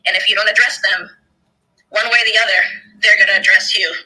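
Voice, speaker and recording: A woman speaking as a guest on a call, slow, earnest and reflective. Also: medium pitch, fairly even intonation, pushed and bright, slight background noise, rough recording. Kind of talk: motivational talk.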